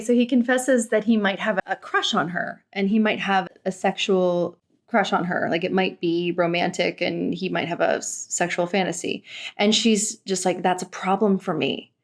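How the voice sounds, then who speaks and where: Brief: young woman vlogger, middle-pitched voice, sarcastic and exasperated reacting to a show. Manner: exasperated, sarcastic, outspoken with swearing. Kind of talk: casual reaction commentary.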